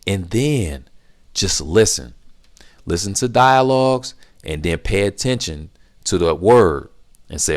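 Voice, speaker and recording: Deep-voiced man giving emphatic advice. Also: takes it slowly. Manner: emphatic, repetitive, animated when acting out reactions. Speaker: language-learning channel host. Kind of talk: casual Q&A advice.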